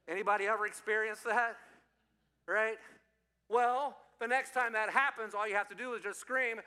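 Very bright-voiced playful male pastor. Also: high-pitched, measured pace, long pauses, smooth, big-room sound. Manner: animated, quizzing the audience, playful. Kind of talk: interactive sermon for children and youth. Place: church.

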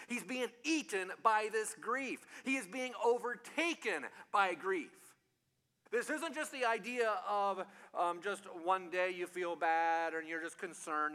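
A man's voice: high-pitched, a little slow, pushed and bright. A man preaching a conversational sermon, repeating key phrases and asking the audience rhetorical questions. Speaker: pastor. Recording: long hall reverb.

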